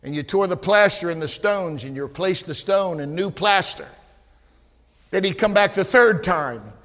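A man, preaching a fervent sermon with storytelling and shouted emphasis, recorded in a big church with long hall reverb. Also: sits high, expressive, moderate pace. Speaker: pastor.

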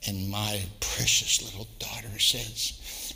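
A man's voice: a little high, moderate pace, sharp tone, long reverb tail. A middle-aged man, a pastor, preaching a sermon and telling stories with repeated words. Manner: storytelling with acted quotes, repeats words.

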